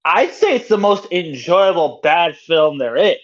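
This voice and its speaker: A man's voice: fairly high pitch, expressive, measured pace, muffled recording. A man co-hosting a podcast in casual chat, enthusiastic and often stammering. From North Carolina. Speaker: podcast co-host.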